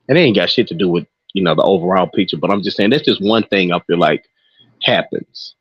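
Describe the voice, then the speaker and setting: A man chats on a podcast in a low voice, blunt and meandering, swearing freely as he works through his point. The sound is dry and close, with a muffled, dull quality. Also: a little fast, slightly rough, no echo. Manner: frank, rambling, swears freely. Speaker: podcast co-host. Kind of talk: casual chat. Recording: muffled lo-fi audio.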